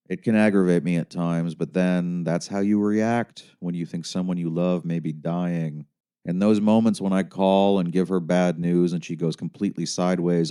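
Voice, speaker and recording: Young guy reading his own audiobook, wry sardonic, really deep mellow voice. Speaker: author and narrator. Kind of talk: first-person audiobook narration.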